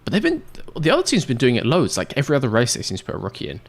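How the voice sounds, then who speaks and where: A man's voice: mid-range voice, huge pitch swings, rapid-fire. A British man streaming a game, chatting casually with viewers, laughing often. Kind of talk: casual livestream chat.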